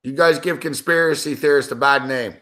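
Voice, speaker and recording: A male sports betting host swearing and yelling at players during a game, then ranting at his viewers. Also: medium pitch, brisk. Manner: angry, profane outbursts and shouting at the players; sarcastic, lecturing rant at viewers. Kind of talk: live reaction rant while watching a game.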